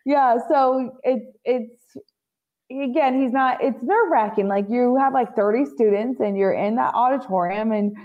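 A woman co-hosting a podcast in casual chat, laughing often and quoting characters with animated delivery. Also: a little high, measured pace, lo-fi sound. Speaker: podcast co-host.

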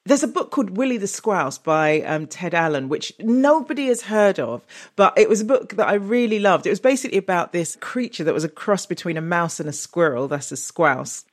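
A woman's voice: on the low side, animated, brisk. A woman talking casually as a guest author and comedian, chatty, often laughing and restarting her sentences. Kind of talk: casual interview chat.

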